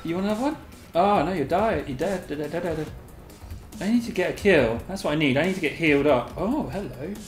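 Giggly, excitable gamer in an echoey room. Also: fairly quick. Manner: excitable, giggly, squeals a catchphrase at high pitch; mutters quietly to self between bursts. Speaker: gaming video host. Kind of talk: live gameplay commentary. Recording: roomy echo, faint game music behind.

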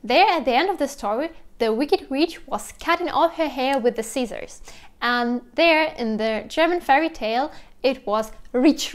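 A young woman with a Russian accent explains sounds in a casual vlog, lively and imitating animal noises as she goes. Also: high voice, normal speed. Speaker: language teacher vlogger.

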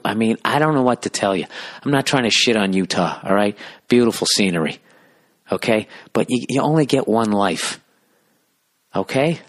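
A low-voiced man hosts a solo comedy podcast. He rants sarcastically and swears all the time as he riffs, moving between mock outrage and mumbled asides. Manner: sarcastic, profane, riffing. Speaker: podcast host.

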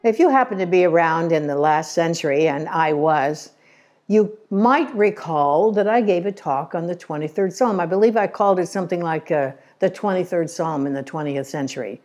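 An older woman giving an inspirational talk on scripture, telling stories with gentle humor in a conversational way. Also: on the low side, normal speed. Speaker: Christian Science lecturer. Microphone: remote recording.

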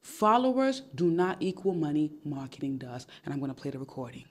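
A woman's voice: low-pitched, big pitch swings, brisk. A woman hosting a podcast, talking directly to her listeners in a casual way. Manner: direct, addresses listeners as guys. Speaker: podcast host.

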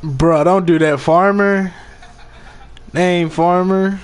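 A young man gaming with friends, reacting to their stories slowly and laughing often. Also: sits high, steady tone, smooth. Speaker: gamer. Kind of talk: casual chat while gaming.

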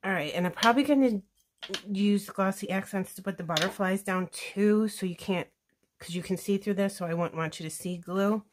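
A woman's voice: medium pitch, moderate pace, background noise. A woman chatting casually through a scrapbooking tutorial, gushing and thinking aloud as she works. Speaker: scrapbooking crafter demonstrating a layout. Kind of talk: casual craft tutorial chat.

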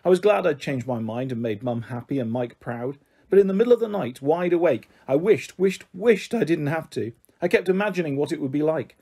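A man narrating a children's novel in the first person with calm, measured storytelling. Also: a little high, breathy edge. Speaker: audiobook reader.

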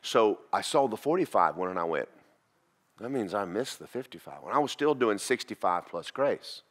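Male pastor, folksy sermon storyteller, low and lively. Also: moderate pace. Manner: folksy, animated storytelling with acted voices. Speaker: pastor teaching a church class.

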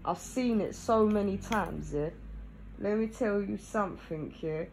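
A woman's voice: mid-range voice, measured pace, vocal fry, a little mellow, slight background noise, low-quality recording. A woman, chatting casually to camera, tagging nearly every phrase with "yeah?" and laughing between thoughts. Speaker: vlogger.

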